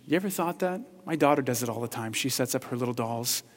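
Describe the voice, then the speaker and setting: A man preaching a sermon with passion, swinging between hushed, tender passages and loud, excited ones. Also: medium pitch, fairly quick, hardly any pauses, in a large hall. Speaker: pastor.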